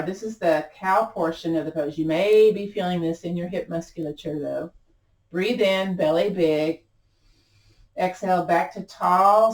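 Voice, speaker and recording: A woman teaching a gentle yoga class, guiding breath and poses with a chatty, self-teasing manner, recorded in a room at home. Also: mid-range voice. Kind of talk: guided yoga class instruction. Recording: roomy sound from a distant mic.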